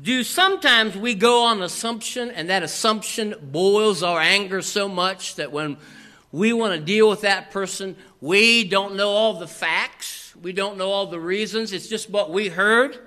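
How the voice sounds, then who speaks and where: High bright-voiced pastor preaching, calls for amens, keeps saying "here". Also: male voice, measured pace. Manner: animated, calls for audience response; repetitive filler "here". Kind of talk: sermon.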